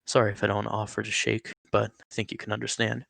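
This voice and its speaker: A friendly old male rattlesnake who talks as if biting strangers were ordinary business, as a man reading the story puts him on. The voice is gravelly and sits a little above the reader's own, with a chatty, wry, matter-of-fact delivery. The recording is close and dry. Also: fairly low pitch, completely flat delivery, fast talker, fairly bright tone, dry recording.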